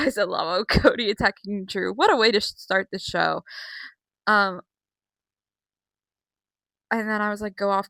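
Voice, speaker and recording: A woman's voice: medium pitch, a bit bright, no echo, low-quality recording. A young woman chatting casually from her bedroom, rambling with many fillers as she recaps wrestling shows. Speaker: wrestling vlogger. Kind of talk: casual chat.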